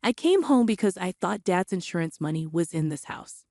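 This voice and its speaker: Brief: woman playing an indignant, yelling sister; lively pitch. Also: normal speed, dry recording, clean studio sound. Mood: furious. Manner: shouting, indignant. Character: angry indebted younger sister, demanding.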